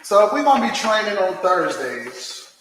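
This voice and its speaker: High-voiced man preaching emphatically. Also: very animated, normal speed, long reverb tail, a little hiss or hum. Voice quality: emphatic, preachy, repeats phrases, sometimes shouts. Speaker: business motivational speaker. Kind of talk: livestreamed motivational talk. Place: indoor room filming himself on several cameras.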